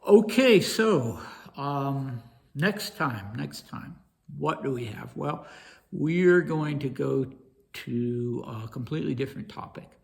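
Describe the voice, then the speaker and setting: A man's voice: medium pitch, lively intonation, takes it slowly, creaky. A man hosting a history channel, talking through his thoughts in a casual, hesitant way with many fillers and restarts. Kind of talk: casual spoken commentary.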